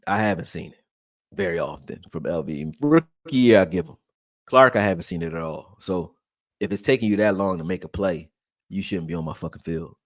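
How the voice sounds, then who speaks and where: A man from Texas, raised in Philadelphia, breaking down football film and reading chat on a live stream in a loose, profane, animated way. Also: deep voice, fairly quick, no echo. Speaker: sports commentary streamer.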